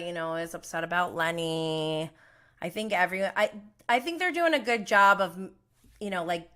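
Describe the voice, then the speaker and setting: A woman hosting a casual solo recap podcast, chatty and animated, laughing often and trailing off mid-thought. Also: lowish voice. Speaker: podcast host.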